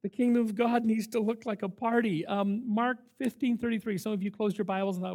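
An older man, a camp director, preaches to a camp crowd in a fairly high, brisk voice, telling stories as part of his sermon. Animated and emphatic, he throws himself into each anecdote and acts out quotes, swinging between lively bursts and quieter, earnest stretches.

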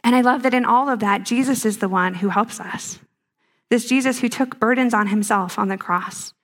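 A woman with a voice on the high side gives a conversational teaching at a ministry event, addressing a live audience at normal speed. She's playful and asks plenty of rhetorical questions.

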